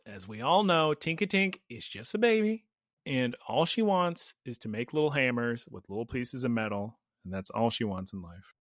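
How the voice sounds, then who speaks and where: A man co-hosting a podcast, recapping an episode in animated, rambling casual chat and laughing often. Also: on the high side, no room sound, studio quality. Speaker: podcast co-host.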